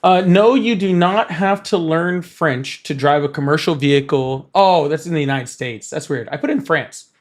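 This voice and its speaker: A man's voice: on the high side, normal speed, hardly any pauses. A man hosting a live political call-in stream, blunt and dismissive with callers and thinking aloud between calls. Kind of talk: casual live call-in chat.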